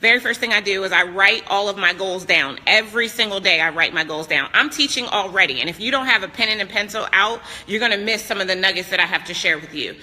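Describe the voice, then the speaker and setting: A woman's voice: medium pitch, fast talker, few pauses, pushed and bright, big-room sound. A woman business coach talking casually and emphatically into a phone held at arm's length, greeting viewers by name. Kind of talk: casual live-stream talk. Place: vacation house, moving indoors and out.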